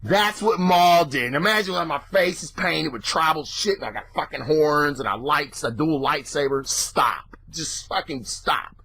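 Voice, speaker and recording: A man hosting his own show, ranting casually and excitably with lots of swearing. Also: moderate pace, gravelly, hardly any pauses. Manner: profane, excitable, mimics reactions in a high voice. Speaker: podcast host.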